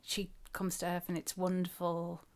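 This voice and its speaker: A woman's voice: lowish voice, monotone, normal speed. A woman in her forties co-hosting a podcast, chiming in with brief, dry remarks. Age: 40s. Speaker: podcast co-host. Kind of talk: casual chat.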